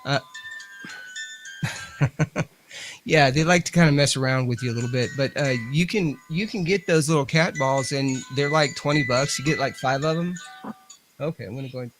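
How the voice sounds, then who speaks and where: A man's voice: medium pitch, moderate pace, pauses often, fairly bright tone, faint music behind. A man, chatting on a radio show as a ghost hunter and talking to spirits. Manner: talks to spirits and equipment, chatty. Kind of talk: casual radio show chat.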